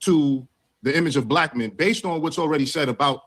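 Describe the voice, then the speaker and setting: A man on a panel, measured in his delivery as he presses the guest with probing questions. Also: on the high side, fairly bright tone. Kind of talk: heated panel discussion.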